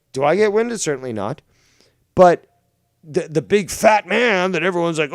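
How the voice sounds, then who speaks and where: A livestream host rants at a rival in casual commentary, mocking, profane and rambling. His voice sits fairly high with big pitch swings and an unhurried delivery, recorded clean in a studio with no echo.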